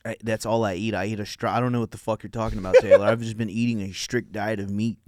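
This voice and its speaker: A man's voice: on the low side, flat delivery, fast talker, darkish tone, dry recording, studio quality. Rambling, crude young man on a podcast. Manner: rambling, crude, laid-back. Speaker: podcast host. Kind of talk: casual comedy podcast chat.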